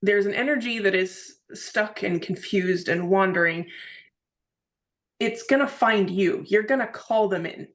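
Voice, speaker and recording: A woman's voice: medium pitch, a little slow. A woman co-hosting a podcast in casual chat, earnest and searching for her words. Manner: earnest, searching, many restarts with "like". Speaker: co-host.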